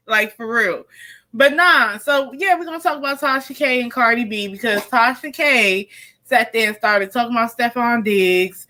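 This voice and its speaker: Chatty woman with a bright voice. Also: fairly high pitch, normal speed, low-quality recording. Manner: chatty, talks to her pet and her viewers. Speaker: tarot reader and live stream host. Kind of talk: casual live-stream chat. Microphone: computer or phone mic during a live stream.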